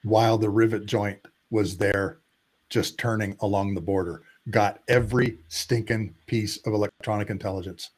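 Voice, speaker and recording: A man in his sixties, a retired Air Force pilot, telling animated war stories as a podcast guest and drawing out emphatic lists. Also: lowish voice, moderate pace. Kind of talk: casual storytelling interview.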